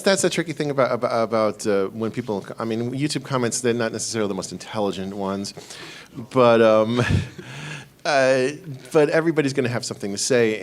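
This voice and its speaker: A man on a convention panel giving thoughtful advice, often stammering and restarting words. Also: mid-range voice.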